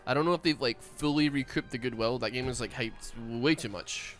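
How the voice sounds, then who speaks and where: A young Scottish man with a light accent, chatting casually while streaming a game. He rambles, then breaks into excited yells. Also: mid-range voice, a little fast, faint music behind. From Scotland. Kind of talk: casual gaming stream chat.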